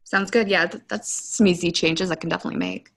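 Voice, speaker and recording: A woman real estate agent taking part in a training webinar, giving brief, relaxed replies. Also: lowish voice, quick pace. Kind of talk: webinar participant answering.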